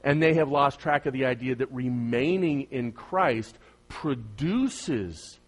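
A man preaching a sermon as pastor, asking his congregation questions and swinging from loud emphasis to soft, quiet asides. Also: medium pitch, slow pace.

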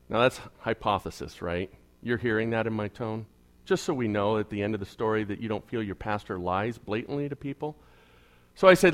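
An evangelical pastor tells his congregation a story in a conversational sermon, his lowish, expressive voice moving fairly quickly. He swings between quiet asides and emphatic bursts.

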